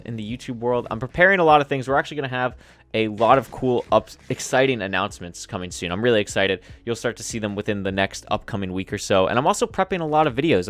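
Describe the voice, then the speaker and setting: A man's voice: medium pitch, fairly bright tone. A young man giving casual, chatty commentary over his own gameplay, rambling with restarts and self-deprecating asides. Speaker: gaming YouTuber. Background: faint background music.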